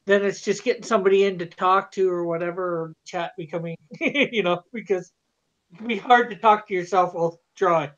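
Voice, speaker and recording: A man's voice: sits high, steady tone, a little fast, a bit bright. Man giving advice over a dull line. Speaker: comic artist. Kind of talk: casual group chat.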